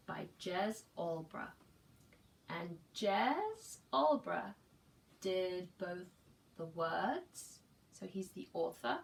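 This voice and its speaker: A woman preschool teacher reading a picture book aloud and gently asking the children questions about it. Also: on the low side, recorded from a distance, a little hiss or hum.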